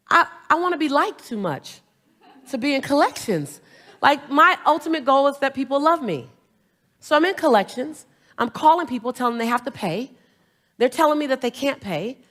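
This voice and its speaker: A woman's voice: high-pitched, fairly bright tone. A middle-aged woman giving a motivational stage speech, telling stories with humor and drawing the crowd in with call-and-response prompts. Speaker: motivational speaker. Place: stage before a large audience.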